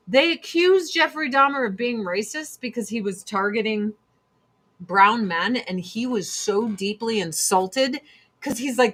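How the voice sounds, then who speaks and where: A woman's voice: on the high side, moderate pace, fairly bright tone. A woman hosting a casual monologue chat, blunt and emphatic, repeating her points for force. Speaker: host.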